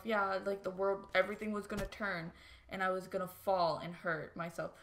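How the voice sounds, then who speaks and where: A woman's voice: mid-range voice, brisk. A young woman vlogger telling a personal story in a rambling, casual way, full of "like" fillers and swearing. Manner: rambling, filler-heavy, profane, animated retelling. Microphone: new desk microphone. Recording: faint background noise and clicks.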